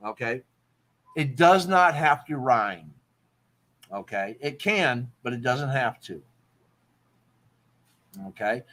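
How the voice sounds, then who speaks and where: A man's voice: mid-range voice, expressive, takes it slowly, long pauses, fairly bright tone. A man hosting a casual talk show, explaining poetry terms and checking in with "okay?" as he goes. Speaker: podcast host.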